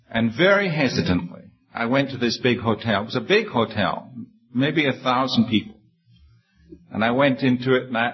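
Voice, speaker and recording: A man's voice: husky, muffled recording. A man preaching a sermon, reading scripture and telling a personal story in an earnest, humble manner, often restarting phrases. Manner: earnest, humble, with frequent restarts and emphatic high peaks.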